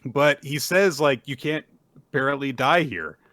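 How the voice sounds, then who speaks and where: A man co-hosting a casual podcast, retelling a story with lively acted-out quotes. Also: medium pitch, unhurried, no room sound, clean studio sound. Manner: animated storyteller, acts out quotes in bursts. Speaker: podcast co-host. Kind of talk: casual chat recapping manga.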